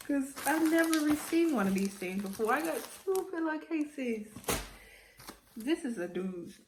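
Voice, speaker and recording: A goofy, excitable woman chatting casually through an unboxing vlog, laughing and getting emotional as she reads notes aloud. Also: sits high, unhurried, roomy sound, background noise. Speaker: vlogger.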